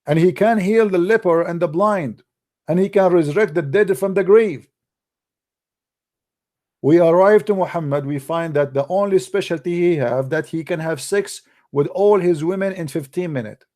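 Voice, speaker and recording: A man's voice: high voice, normal speed, a little mellow. A man lecturing combatively in a livestream, mocking and scolding his opponents in non-native English. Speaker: religious debater.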